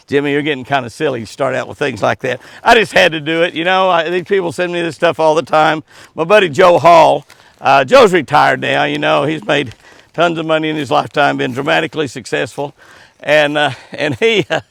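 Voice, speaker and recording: A folksy man with a gravelly, slightly high voice talks casually as he walks through the woods. He chuckles often and coos softly to his dogs between stories. The sound is close and dry. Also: fairly quick, dry recording. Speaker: host. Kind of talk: casual outdoor chat to camera. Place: outdoors, walking in the woods.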